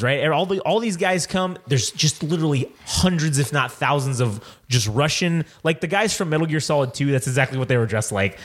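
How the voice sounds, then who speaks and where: A man co-hosting a podcast, rambling and swearing as he retells a wild dream to his friends in casual chat. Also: mid-range voice. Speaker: podcast co-host. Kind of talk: casual storytelling among friends.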